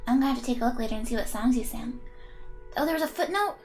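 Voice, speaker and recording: A woman's voice: a little high, animated, very fast, a little mellow, soft background music. A woman streaming a game, reading its text aloud and chatting playfully with her viewers, giggling as she goes.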